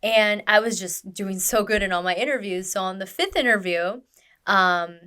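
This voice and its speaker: A woman with a clear, resonant mid-range voice speaks at a normal pace. She's a stunt performer telling her story in a casual interview, animatedly acting out quoted lines and using lots of fillers.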